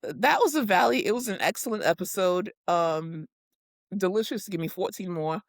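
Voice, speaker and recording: Animated woman recapping reality TV. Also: lowish voice, moderate pace, no echo, studio quality. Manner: animated, laughing, swears freely, acts out quotes. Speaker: podcast co-host. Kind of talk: casual chat recapping reality TV.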